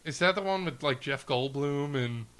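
A man's voice: fairly high pitch, normal speed, a bit bright, clear, resonant tone. A man co-hosting a podcast, chatting casually, joking and laughing often. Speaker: podcast co-host.

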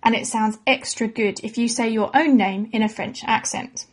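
A woman giving a clear, patient, scripted lesson for children. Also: a little high, fairly even intonation, moderate pace. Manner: clear, patient and encouraging, like a teacher. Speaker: presenter of a children's educational podcast. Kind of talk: scripted educational narration for children.

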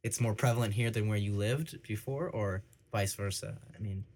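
A young man interviewing casually, rephrasing his questions often and halting as he asks them. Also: lowish voice, a little mellow, a little hiss or hum.

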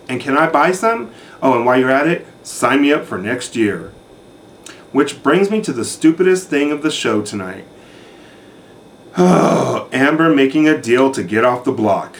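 A man's voice: medium pitch, animated, measured pace, a little hiss or hum. A man giving a sassy, catty recap of a reality show in a campy, sarcastic manner.

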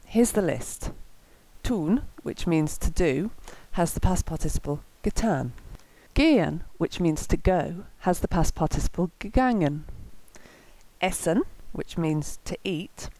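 A woman reading a scripted language lesson in a clear, measured way, slowing down to pronounce example words. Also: on the low side, darkish tone, poor audio. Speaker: language teacher.

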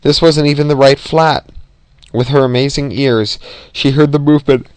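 A man reading a novel aloud as narrator, steady and even, with occasional slips. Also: medium pitch, normal speed, no echo.

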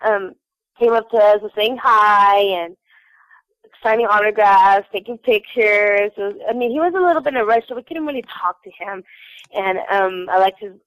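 A woman's voice: mid-range voice, moderate pace, fairly bright tone, no room sound, poor audio. A young woman from Houston telling a bubbly, giggly fan story, full of fillers. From Houston, Texas. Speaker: fan recounting a trip. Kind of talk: casual chat.

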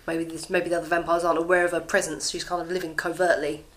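A woman's voice: on the low side, little pitch movement, quick pace, fairly bright tone. Chatty English woman podcast co-host. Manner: chatty, laughs often. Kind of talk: casual recap chat.

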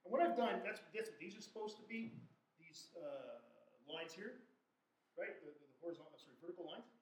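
Joking lecturer in an echoey hall. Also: male voice, high voice, lively intonation, a little fast. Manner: informal, joking, restarts and self-corrections. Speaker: statistics lecturer. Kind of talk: classroom lecture.

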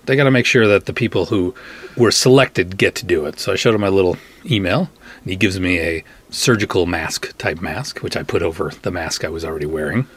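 A middle-aged man hosting a podcast, telling a funny personal story and acting out the other people's lines in a husky voice. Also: low-pitched, a little fast. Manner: animated, acts out quoted voices. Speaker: podcast host. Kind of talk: comic anecdote, casual storytelling.

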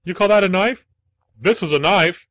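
A loud, brash caricature of an Australian bloke, as a man puts him on, pitched high and hammed up for laughs. The voice is dry and close, with no room sound. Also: moderate pace, no echo. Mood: boisterous. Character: exaggerated Australian bloke doing cliché lines.

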